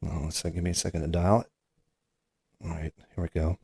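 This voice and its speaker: Brief: very low-voiced man, podcast host, halting and doubtful delivery. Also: flat delivery, background noise. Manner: hesitant, stammering, skeptical. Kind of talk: comedy podcast prank call.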